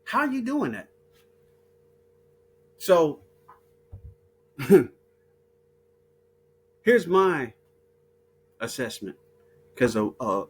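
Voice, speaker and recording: Man, heated rant, cussing, stumbles and repeats words, mid-pitched voice. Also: a little hiss or hum. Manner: heated and profane, stumbling restarts. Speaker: video host. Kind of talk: casual monologue.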